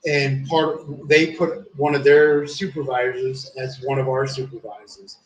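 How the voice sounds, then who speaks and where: A streamer rambles through a long story in casual chat, swearing constantly and saying "dude" over and over. His voice is medium-pitched and flat, with a measured pace, and the recording sounds roomy, as if he's far from the mic.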